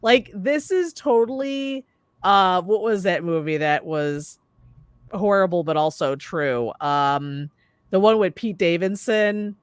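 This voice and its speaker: A woman's voice: on the low side, slow, clean tone, no room sound, studio quality. A young adult woman hosting a horror review show, retelling a movie in casual chat with lots of swearing and quoted lines. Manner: profane, animated retelling with quoted voices.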